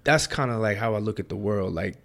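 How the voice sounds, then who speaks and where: A man's voice: fairly low pitch, fairly quick, vocal fry, a bit bright. A man co-hosting a casual faith talk, speaking conversationally with frequent "like" and "right?". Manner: conversational, uses many "like" and "right?" tags.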